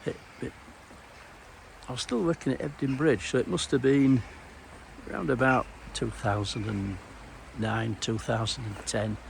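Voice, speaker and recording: Gravelly man narrating a town walk. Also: mid-range voice, fairly even intonation, unhurried, slight background noise. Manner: meandering, anecdotal, dry humour. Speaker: former police officer giving a walking tour. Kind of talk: casual walking-tour narration. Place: outdoors in a small town.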